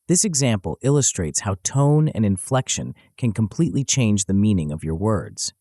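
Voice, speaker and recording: A man narrating a self-help audiobook in a measured, instructional way, close to the mic. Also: on the low side, dry recording. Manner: even, measured instructional delivery.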